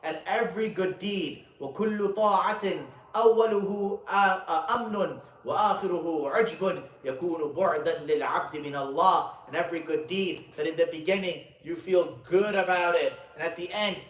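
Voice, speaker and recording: A man teaching a religious gathering, telling stories in a casual, conversational way and slowing down to stress the key points. His voice sits a little high for a man. The recording is roomy and picked up from a distance, with a faint hum of ambience behind it. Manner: casual, conversational storytelling with frequent "you know" and restarts; slow, emphatic delivery when quoting and explaining sayings. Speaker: Islamic scholar teaching a gathering. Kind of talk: religious lecture with a storytelling anecdote.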